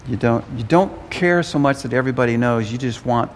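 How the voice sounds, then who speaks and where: Male pastor, earnest sermon delivery, mid pitch, long church-hall reverb. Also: fairly quick, slight background noise. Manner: earnest, repeats words while thinking.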